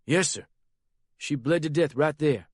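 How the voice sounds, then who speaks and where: A jittery young country boy, eager to please and scared underneath, as a male narrator puts him on. His voice rides up high and strained, with a rustic drawl, in a dry, close reading. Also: unhurried, slightly rough, no room sound. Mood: nervous. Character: simple frightened young male drug courier.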